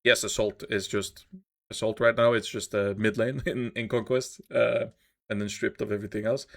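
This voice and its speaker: A man's voice: fairly low pitch, flat delivery, normal speed, creaky. A man co-hosting a gaming podcast, giving opinions in casual chat with frequent fillers. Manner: opinionated, hesitant with many uh fillers. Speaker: podcast co-host.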